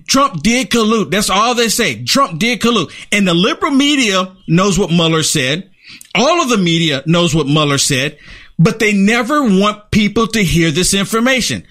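A man with a notably high voice hosts an opinionated talk show. He hammers his points by repeating lines over and over. His tone stays emphatic and insistent throughout. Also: fairly bright tone. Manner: emphatic, repeats phrases for effect. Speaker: show host and political commentator. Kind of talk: opinionated commentary chat.

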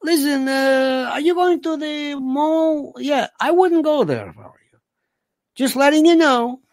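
Man doing a sly foreign leader on a phone call, with a vague put-on accent and a slow, halting, falsely courteous delivery. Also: extremely high pitch, wildly swooping pitch, dry recording, clean studio sound, pitched above the performer's own voice, full character voice. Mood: mock polite. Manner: slow, mock-polite and halting. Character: mock impression of a male head of state on the phone.

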